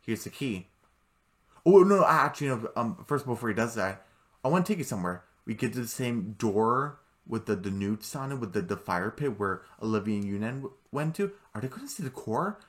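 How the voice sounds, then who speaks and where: A man casually recapping a cartoon episode, rambling and excitable, with many fillers and restarts, jumping high when he quotes characters. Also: brisk. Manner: jumps into high voices when quoting characters. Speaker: show recap commentator.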